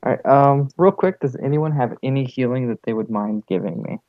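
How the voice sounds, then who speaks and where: An excitable man playing a tabletop game, stammering and swearing as he jokes. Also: medium pitch, a little fast, no room sound, phone-quality sound. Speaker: player. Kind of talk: casual tabletop game chat.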